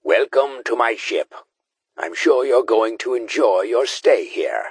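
A smug alien warlord gloats at his captives, as a man reads him aloud. The voice is husky and sits a little higher than the reader's own low, dry tone, with a sneering lilt. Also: expressive, measured pace, no echo.

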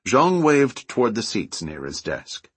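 A man narrating an audiobook in an even, measured reading. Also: mid-range voice, breathy edge, no echo. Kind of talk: scripted narration.

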